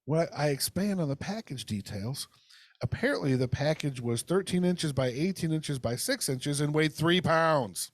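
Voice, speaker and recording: A man's voice: a little high, expressive, moderate pace, no room sound, studio quality. Angry profane man ranting on a podcast. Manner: heated, profane storytelling, acts out phone calls. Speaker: podcast co-host. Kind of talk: casual ranting podcast chat.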